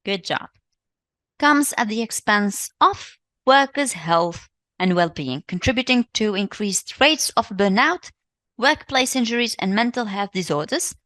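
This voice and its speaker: A woman with a Tunisian accent leads a live revision lesson, walking her students through exercises in English. Her voice sits in a mid range and comes across dry and close, with no room sound. She keeps repeating the answers and heaping on quick praise. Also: medium pitch, animated, a bit bright, no echo. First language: Tunisian Arabic. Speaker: English teacher.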